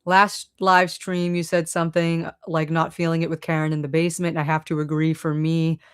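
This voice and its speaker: A woman with a Boston accent talks loosely on a live stream, reading chat and riffing with plenty of "like" and "um." Her voice sits a bit low. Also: level tone, fairly quick, clear, resonant tone. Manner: chatty, many fillers, laughs often.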